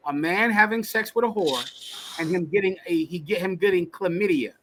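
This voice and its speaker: A man's voice: high-pitched, moderate pace, a bit bright, slight background noise. A man teaching a scripture class in a blunt, emphatic preaching style, repeating his points for emphasis. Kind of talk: preaching Bible commentary.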